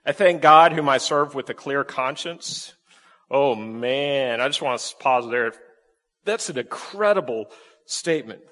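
A man preaching a sermon in a lively, conversational way, asking the congregation rhetorical questions. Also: mid-range voice, in a large hall. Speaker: pastor.

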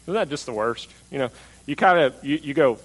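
A man's voice: mid-range voice, animated, a little fast, poor audio. Male pastor, everyday sermon voice, talks with the congregation and puts on mocking voices for quotes. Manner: conversational preaching, asks the congregation questions.

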